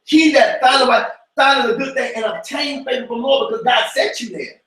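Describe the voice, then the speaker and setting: A man with a very high voice leads an informal church Bible study. His talk is animated and preachy, rising into shouts. He sounds far from the mic in a very echoey room. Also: brisk. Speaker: cell group teacher.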